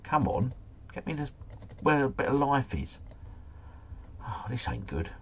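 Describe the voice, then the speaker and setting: A man streaming a guessing game live, thinking aloud and chatting to viewers, his volume rising and falling with excitement. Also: mid-range voice, a little slow, highs cut off, slight background noise. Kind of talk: casual live commentary.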